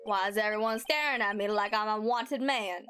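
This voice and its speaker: A woman voicing a brash, stubborn cowboy sheriff in a video game, with a slow drawl. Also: mid-range voice, a bit bright, soft background music, lightly acted.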